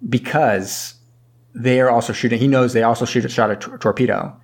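A man's voice: medium pitch, fairly even intonation, normal speed, husky. Guy rambling through a movie recap, mid voice, does the characters' lines. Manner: rambling, acts out characters' lines, swears casually. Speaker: podcast co-host. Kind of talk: casual movie recap chat.

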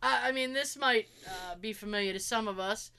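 A woman in her forties co-hosting a casual chat show, telling animated family stories with plenty of swearing and acted-out quotes. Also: a little high, moderate pace, gravelly, clean tone. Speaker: podcast co-host.

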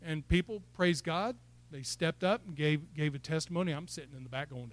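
A man's voice: fairly high pitch, moderate pace. A man preaching a sermon in church, building to fired-up exhortation and asking the congregation questions. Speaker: pastor.

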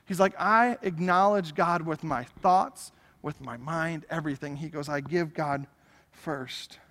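A pastor preaches in a high, bright, forceful voice, chatty and animated as he acts out asides. His words ring out with the long reverb of a large church sanctuary. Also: measured pace. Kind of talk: sermon.

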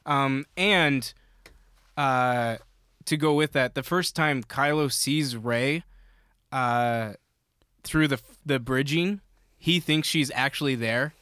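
Unhurried man, smooth dry voice. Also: medium pitch, a bit bright, no room sound. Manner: unhurried, filler-heavy, explains at length. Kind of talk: casual fan discussion.

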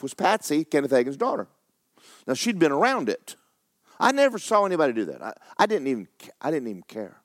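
Man, preacher, folksy sermon storytelling, hushed then shouting, lively pitch, dry sound. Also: a little fast, no echo. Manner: animated storytelling, drops to hushed tones then builds to excited shouting.

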